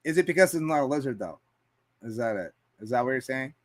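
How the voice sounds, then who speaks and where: A man's voice: mid-range voice, expressive, fast. Casual swearing man talking while painting. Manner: rambling, talks to himself and chat, swears often. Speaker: live streamer painting on air. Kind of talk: casual live-stream chat while painting.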